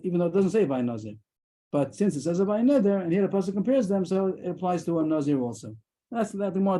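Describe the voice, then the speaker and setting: A man teaching a daily Talmud class over a video call, explaining quickly and mixing in Aramaic terms. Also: on the high side, mellow, slightly rough, poor audio.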